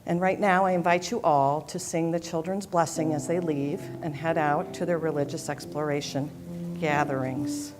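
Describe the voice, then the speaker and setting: A woman leading a worship service, telling a children's story gently, with soft repeated refrains. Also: low-pitched, fairly even intonation, normal speed, music in the background. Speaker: worship leader. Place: church sanctuary.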